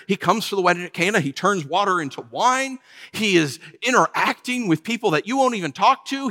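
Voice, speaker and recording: A man preaching a sermon, animated and acting out whiny voices to make his points. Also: high-pitched, long reverb tail. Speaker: pastor.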